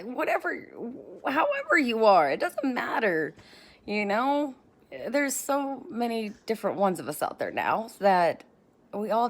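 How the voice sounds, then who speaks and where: A woman in her thirties talking casually and encouragingly into a handheld phone, bubbly and chatty with rambling asides. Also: medium pitch. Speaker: vlogger. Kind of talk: casual motivational talk to camera.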